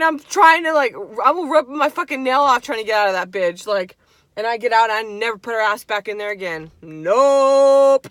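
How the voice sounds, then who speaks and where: A woman in her twenties telling a story on a vlog, animated and swearing freely, with lots of "like". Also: a little high, normal speed, no echo. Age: 20s. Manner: animated, profane, heavy "like" filler. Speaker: vlogger. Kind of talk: storytime chat.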